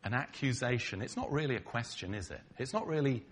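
A man's voice: mid-range voice, animated, brisk, few pauses, slight background noise. A middle-aged man, preaching a conversational sermon to his congregation, bantering with them and acting out quoted lines. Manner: acts out quoted lines dramatically. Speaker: pastor.

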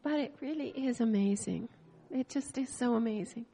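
Older woman from Canada, fairly high and gravelly, sharing a tender church testimony. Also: dark tone, slight background noise. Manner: emotional, personal, pausing and restarting. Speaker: missionary speaking to a church.

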